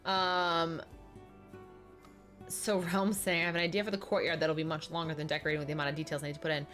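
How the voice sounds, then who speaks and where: A woman's voice: low-pitched, flat delivery, fast talker, a bit bright, faint music behind. A young adult woman streaming a life-sim game, chatting casually and talking straight to her viewers. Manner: chatty, talks straight to the chat and answers viewers by name.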